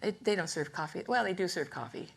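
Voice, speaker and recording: An older woman giving a rambling, humorous artist lecture to a live museum audience, chatty and quick to laugh. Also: fairly low pitch, animated, gravelly. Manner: chatty, laughs often, self-interrupting. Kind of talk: rambling humorous storytelling talk.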